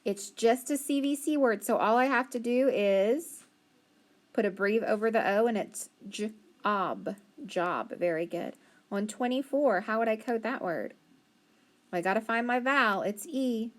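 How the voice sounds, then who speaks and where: A woman teacher giving a phonics lesson, sounding out words slowly syllable by syllable and praising often. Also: fairly high pitch.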